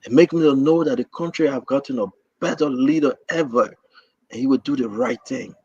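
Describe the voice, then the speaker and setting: A man's voice: mid-range voice, a little fast, darkish tone, breathy edge, no echo, lo-fi sound. A man with a Liberian accent hosting a livestream, giving an impassioned political address to his online viewers with rousing, repetitive rallying cries. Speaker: livestream host.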